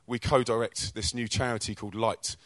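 A man from England, telling energetic, chatty stories about his charity work to a church audience, with slang and quick restarts. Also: fairly low pitch, dry recording. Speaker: Christian rapper and charity co-director. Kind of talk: informal testimony talk to a church audience.

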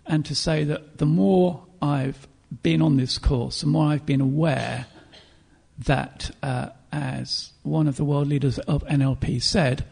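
A man preaching a sermon in an earnest, reflective way, pausing to clear his throat and restart phrases. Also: a little high, steady tone, darkish tone.

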